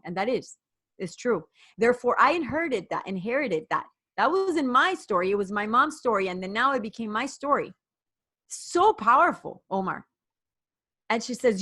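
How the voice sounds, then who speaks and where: A woman coach as a podcast guest, retelling a personal story with rushed restarts and quoted dialogue. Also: medium pitch, lively intonation, sharp tone, no room sound. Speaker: guest, women's performance coach.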